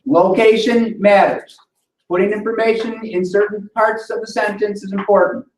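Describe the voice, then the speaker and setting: A man's voice: high voice, little pitch movement, fairly quick. A man teaching a classroom lesson on grammar, explaining step by step and often checking in with the class. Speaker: instructor. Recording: roomy sound from a distant mic.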